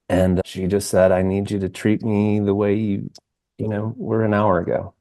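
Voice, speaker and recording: Earnest guy about fifty, low mellow voice, dry close sound, stops and restarts a lot. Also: dry recording. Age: around 50. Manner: earnest, halting, with many restarts and "like". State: emotional, near tears. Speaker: podcast guest, singer-songwriter. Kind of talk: reflective interview conversation.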